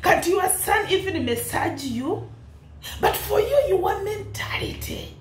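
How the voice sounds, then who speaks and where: A woman's voice: very high-pitched, animated, a little slow, echoey room, slight background noise. A young woman with an East African accent, laughing often as she delivers an impassioned, preachy commentary. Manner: scolding, preachy, laughs often between lines. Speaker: vlogger commenting on a public dispute.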